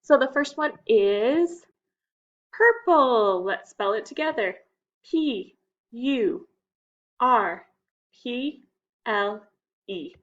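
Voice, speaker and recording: A woman's voice: a little high, very slow, pauses often, highs cut off. A woman teaching young children a phonics lesson, patient and stretching out the key words.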